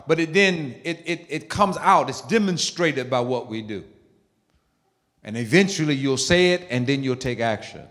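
A man preaching a sermon in an emphatic way, dropping to low murmurs and rising to loud high bursts. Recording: long hall reverb.

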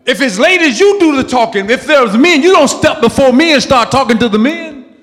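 Man, pastor, high voice, emphatic sermon, reverberant sanctuary. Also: expressive, moderate pace. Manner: emphatic, call-and-response preaching with sudden loud peaks.

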